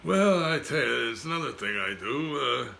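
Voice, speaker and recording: A man's voice: mid-range voice, animated, gravelly, bright, forceful tone, full character voice. A man doing a wisecracking hard-luck comedian who gets no respect, firing off gag one-liners. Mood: griping. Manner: rapid gag one-liners, "I tell you". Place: home lanai porch.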